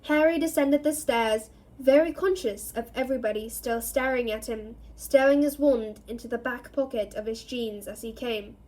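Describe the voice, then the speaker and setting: Expressive woman reading a novel aloud. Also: a little high, moderate pace. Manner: expressive storytelling, voices each character. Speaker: reader.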